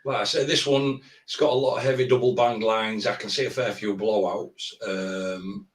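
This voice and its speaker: Male co-host, measured critique voice, mid pitch, roomy and distant from the mic. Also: steady tone. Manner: measured, plain-spoken critique with hesitations. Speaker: tattoo artist and co-host. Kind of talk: live stream critique chat.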